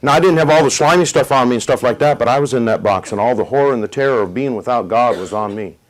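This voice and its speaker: A middle-aged man preaching a sermon, retelling a story with dramatic pauses and rising emphasis. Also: mid-range voice, poor audio. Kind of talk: sermon testimony.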